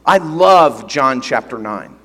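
A man's voice: medium pitch, animated, slow, pushed and bright. A man preaching a sermon as pastor, teaching earnestly and emphatically, often repeating phrases. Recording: long reverb of a large hall.

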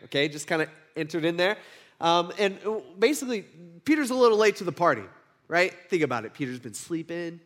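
A man teaching a Bible passage in a casual, conversational way, full of fillers and quick "right?" check-ins. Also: high-pitched, big pitch swings.

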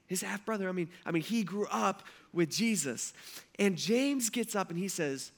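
A man preaching a sermon, telling stories from his own life in a conversational, animated way. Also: high-pitched, moderate pace, creaky. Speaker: pastor.

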